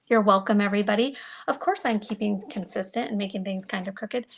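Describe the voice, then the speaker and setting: Chatty woman with a gravelly edge. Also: medium pitch, fairly quick, slight background noise. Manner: chatty, self-deprecating, talks to viewers while working. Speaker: card-making demonstrator. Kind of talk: live crafting demo.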